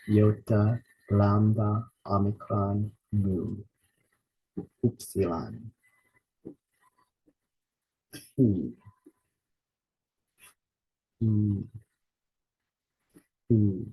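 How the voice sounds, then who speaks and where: A man teaching a lesson, saying each word slowly and repeating it with care. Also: fairly low pitch, gravelly, mellow, husky, low-quality recording. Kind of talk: slow spoken lesson naming Greek letters.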